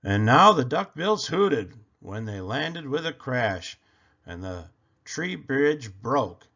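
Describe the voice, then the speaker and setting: A man reading a children's picture book aloud with slow, animated storytelling. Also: mid-range voice, lo-fi sound.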